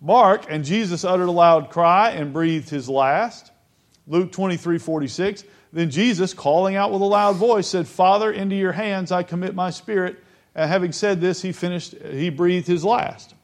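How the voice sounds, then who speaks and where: A man with a somewhat high voice preaches a Bible lesson and reads verses aloud. He slows down on the key phrases and keeps putting questions to his listeners.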